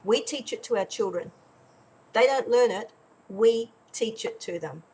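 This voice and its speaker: Animated woman telling a teaching story. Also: fairly high pitch, measured pace, low-quality recording. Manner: animated, acts out characters while narrating. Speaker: parenting educator. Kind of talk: storytelling lesson.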